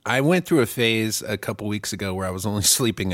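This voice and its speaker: A man's voice: lowish voice, fast talker, fairly bright tone, no room sound. A man in his thirties chatting casually on a podcast, rambling and mocking himself with frequent laughs. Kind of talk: casual chat.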